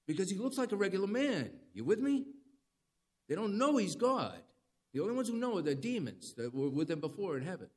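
Man preaching a lively sermon. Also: high voice, brisk. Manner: dramatic, conversational preaching with rising emphasis. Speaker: pastor.

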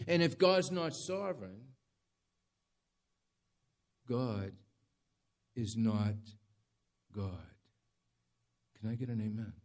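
A man's voice: on the low side, takes it slowly, long pauses, darkish tone. A man preaching a sermon in a conversational, dramatic way, with rising emphasis. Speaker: pastor.

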